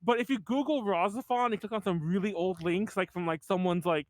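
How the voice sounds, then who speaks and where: High-voiced rambling podcast host man. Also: fairly quick, dry recording. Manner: rambling, many fillers and restarts. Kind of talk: casual podcast chat.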